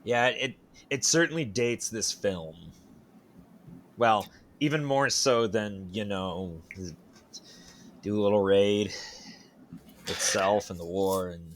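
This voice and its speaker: A man's voice: on the low side, slow, long pauses. A man co-hosting a podcast, bantering casually with dry, teasing jokes and swearing. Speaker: podcast co-host. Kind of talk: casual chat.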